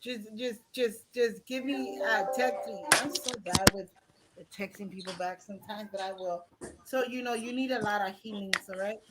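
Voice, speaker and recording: A woman's voice: mid-range voice, normal speed, very noisy. Blunt, profane tarot reader woman with a Mexican accent. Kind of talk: live-stream tarot reading.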